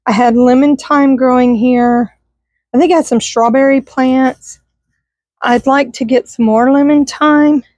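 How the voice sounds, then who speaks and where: A middle-aged woman from Texas giving a casual, rambling tour of her neglected yard, talking warmly to her viewers and turning wistful at times, recorded outdoors on a handheld camera. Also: on the high side, dry recording. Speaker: vlogger. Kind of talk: casual garden tour vlog. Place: outdoors in a yard by a busy street.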